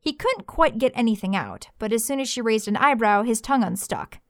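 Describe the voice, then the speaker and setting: A woman narrating a story with a lively, expressive reading. Her voice sits a little high. The sound is dry and close to the mic. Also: a little fast, no room sound.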